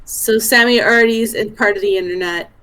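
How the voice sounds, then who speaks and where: A woman's voice: fairly high pitch, fairly even intonation, brisk, fairly bright tone. A woman playing a tabletop game, thoughtfully speaking about her character in third person. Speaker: player. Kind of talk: casual tabletop play.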